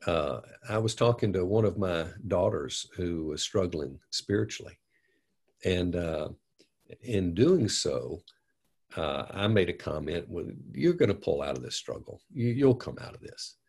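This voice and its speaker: Gravelly older man, earnest storyteller. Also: low-pitched, animated, a little slow, a little mellow. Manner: earnest, folksy, many fillers and restarts. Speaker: pastor. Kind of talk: conversational storytelling.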